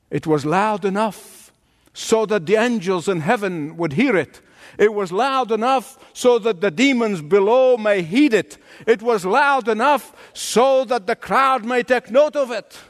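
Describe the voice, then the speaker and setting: A man preaching a sermon as pastor in a church, deliberate and emphatic, building his points through repeated phrases. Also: extremely high pitch, fairly bright tone, long reverb tail.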